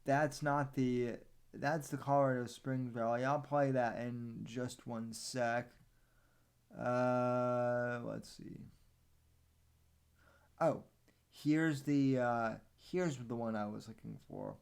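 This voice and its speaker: Slow, smooth-voiced podcast host. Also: male voice, medium pitch. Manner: meandering, halting, sarcastic asides. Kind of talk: casual political commentary.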